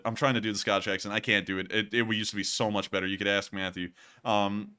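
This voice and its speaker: Bright-voiced rambling male stream host. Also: fairly low pitch, fairly even intonation, fast talker, smooth. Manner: rambling, wry, full of fillers. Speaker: host of a war news live stream. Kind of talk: casual live stream chat.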